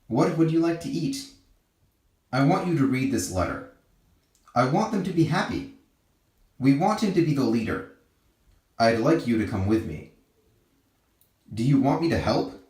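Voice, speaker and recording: A man reading English example sentences one by one, slowly and clearly, for learners to repeat. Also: mid-range voice, a little mellow, roomy sound. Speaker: English teacher.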